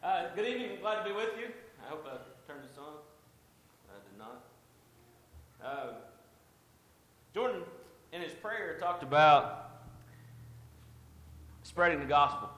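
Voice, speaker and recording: A man's voice: on the high side, expressive, a little slow, pauses often, a bit bright, slight background noise. A man giving an informal church devotional in a conversational, self-deprecating way, with jokes at his own expense. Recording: echoey hall with long reverb.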